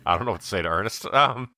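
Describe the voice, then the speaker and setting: A man's voice: fairly low pitch, sharp tone, no room sound. A man co-hosting a casual podcast, talking about a film in a dry, matter-of-fact way with many ums. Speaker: podcast co-host. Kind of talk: casual movie review chat.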